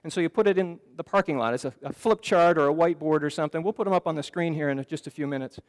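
A man with a fairly high voice preaching earnestly to a congregation. He talks in a conversational way and often restarts his phrases. The sound rings with the long reverb of a church hall. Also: rapid-fire. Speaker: pastor. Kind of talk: sermon. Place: church sanctuary.

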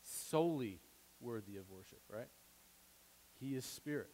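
A man preaching a sermon, excitable, swinging from loud declarations to quiet asides. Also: medium pitch, measured pace. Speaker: pastor. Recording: long hall reverb.

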